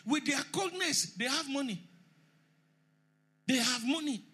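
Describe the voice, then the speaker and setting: A man preaching a sermon emphatically, rising to shouts and leading the congregation in call and response. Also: extremely high pitch, lively intonation, measured pace.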